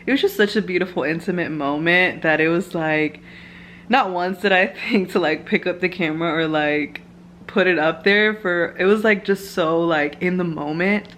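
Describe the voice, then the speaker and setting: A woman's voice: on the low side, normal speed, fairly bright tone, slight background noise. A young woman vlogging at home, telling a personal story in casual chat full of "like" fillers. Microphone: camera mic, filming herself.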